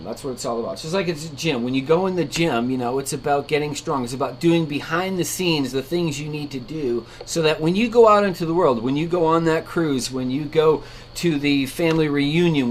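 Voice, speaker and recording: A man's voice: a little high, slight background noise. A man hosting a casual devotional vlog from his art studio, talking conversationally and piling up repeated phrases. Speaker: ministry vlogger and Bible teacher.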